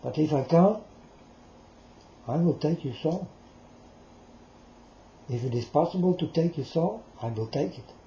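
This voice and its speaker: Speaking a little slowly and pausing often, a man with a fairly high, warm, expressive voice addresses his listeners head-on in a preachy, rambling monologue full of repetition. There's slight background noise, and the audio is roomy, dull and lo-fi.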